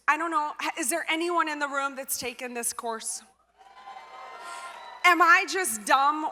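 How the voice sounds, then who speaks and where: A woman telling a story in a keynote speech, chatty and animated, full of "like" and "you know". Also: high voice. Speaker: conference speaker. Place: conference hall stage. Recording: large hall with long reverb.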